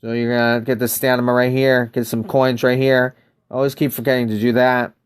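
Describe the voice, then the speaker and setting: An American man hosting a casual live game stream, talking loosely to his viewers and drifting from one aside to the next. His voice is smooth and clear and sits at an ordinary middle pitch. He sounds close to a desk mic. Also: level tone, brisk. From United States. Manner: chatty, greets viewers by name, loose rambling asides.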